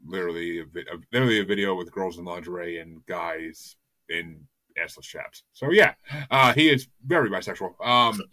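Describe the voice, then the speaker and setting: A man's voice: low voice, moderate pace, sharp tone, no echo. A man hosting a music podcast in casual chat, rambling and enthusiastic, often stumbling over repeated words. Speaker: podcast host.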